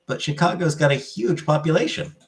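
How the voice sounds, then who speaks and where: A man's voice: on the high side, animated, a little fast. A man hosting a livestream, chatting casually with his viewers and often correcting himself mid-sentence as he rambles. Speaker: livestream host answering chat. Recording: roomy echoey room.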